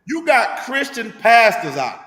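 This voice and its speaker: A man's voice: very high-pitched, sing-song, measured pace, sharp tone, reverberant, in a large hall. A man leading a scripture class, preaching emphatically with rhetorical questions in a street-talk manner.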